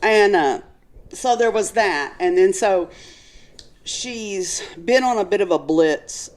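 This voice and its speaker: A woman's voice: mid-range voice, lively intonation, slow. A woman co-hosting a casual podcast chat, gossipy, crude and joking. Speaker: podcast co-host.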